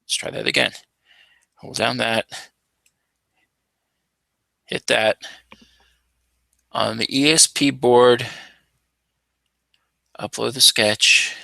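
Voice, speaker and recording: A man's voice: medium pitch, fairly even intonation, very slow, gravelly, long pauses, bright, forceful tone, no room sound. A man hosting a casual home electronics video, narrating his typing and soldering with playful, showman-like announcer asides. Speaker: maker channel host. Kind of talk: casual live coding and tinkering commentary.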